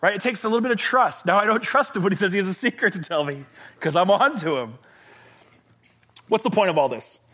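A man in his thirties, a pastor preaching a sermon, expressive, dropping to whispers and rising to shouts for emphasis. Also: sits high, a little fast.

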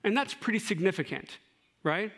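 A man's voice: high voice, expressive, normal speed, a bit bright. A middle-aged man preaching a sermon in a conversational way, with asides and rhetorical questions. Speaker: pastor.

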